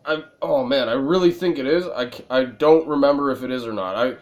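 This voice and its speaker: A man's voice: medium pitch, brisk. Rambling, slightly tipsy male gamer. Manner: rambling, self-mocking, laughs at his own jokes. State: a little tipsy. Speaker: gaming video creator. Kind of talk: let's-play commentary.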